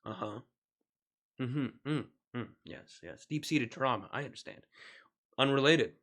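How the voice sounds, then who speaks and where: Man voicing a quiet note-taking male shrink, slow and hushed, bright voice. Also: medium pitch. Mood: clinical. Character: solemn male therapist taking notes, murmuring.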